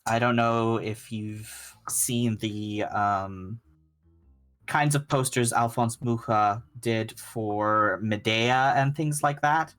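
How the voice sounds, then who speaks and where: A man running a tabletop game, describing the scene in an unhurried way and thinking aloud as he goes. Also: mid-range voice, fairly even intonation, a bit bright. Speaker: game master.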